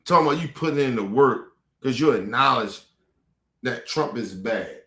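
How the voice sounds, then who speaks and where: A man's voice: mid-range voice, lively intonation, moderate pace, sharp tone, roomy sound. A man hosting a commentary show, ranting angrily and profanely at clips with mocking rhetorical questions. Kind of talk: profane angry reaction rant.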